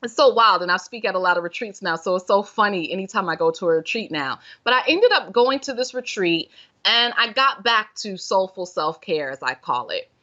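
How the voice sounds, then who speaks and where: A bright, forward-voiced woman recounts her own story as a podcast guest, earnest and expressive, slipping into the voice of her past self. The audio is dull and lo-fi, like a remote call. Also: mid-range voice, a little fast. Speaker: podcast guest, self-care and meditation guide. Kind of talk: personal story told in conversation.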